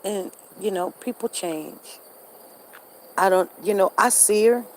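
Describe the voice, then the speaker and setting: A woman's voice: medium pitch, takes it slowly, a little hiss or hum. Chatty middle-aged woman telling gossip. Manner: chatty and gossipy, asides to viewers. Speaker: live-stream host. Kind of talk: casual storytelling. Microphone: live-stream device.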